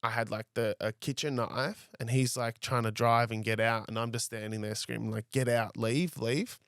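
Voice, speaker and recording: A man's voice: mid-range voice, level tone, normal speed, fairly bright tone, clear, resonant tone, no room sound, studio quality. A young man, telling a story as a podcast guest in a casual, rambling way. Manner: rambling, frequent "like" and "I was like".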